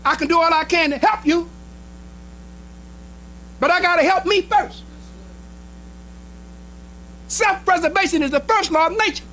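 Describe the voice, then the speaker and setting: A minister preaching a sermon in an emphatic style, with short repeated phrases and speech. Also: male voice, extremely high pitch, unhurried, long pauses, pushed and bright, a little hiss or hum, poor audio. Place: temple hall.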